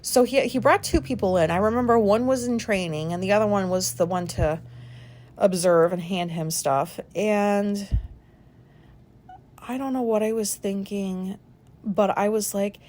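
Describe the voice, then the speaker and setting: A woman in her forties, hosting a podcast and talking through an embarrassing memory in a candid, rambling way, self-conscious and quick to swear. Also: mid-range voice, darkish tone. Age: 40s. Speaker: podcast host. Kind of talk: candid personal monologue.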